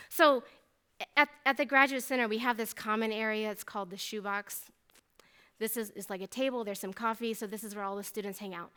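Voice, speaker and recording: A woman in her thirties, a mathematician, tells her faith story in a testimony talk, animated and chatty and full of asides. Her smooth voice sits a little high, and her pace is a little fast.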